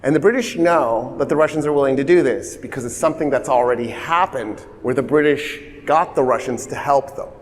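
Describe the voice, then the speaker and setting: A man telling history in a casual, lively way, slipping into voiced asides. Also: mid-range voice, brisk, hardly any pauses, slight background noise. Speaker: history explainer. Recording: long reverb.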